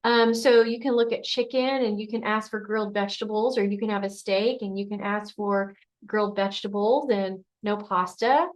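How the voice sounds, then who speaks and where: A woman's voice: mid-range voice, fairly even intonation, normal speed, few pauses. A middle-aged woman, a functional medicine doctor, giving a conversational motivational health talk and acting out everyday scenarios. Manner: conversational, acts out scenarios in quoted voices.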